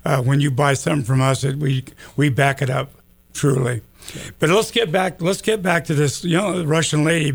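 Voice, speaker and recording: A man's voice: a little high, creaky. A man who owns a gun store, talking as a guest in a folksy, rambling way full of ums and uhs. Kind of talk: casual talk radio chat.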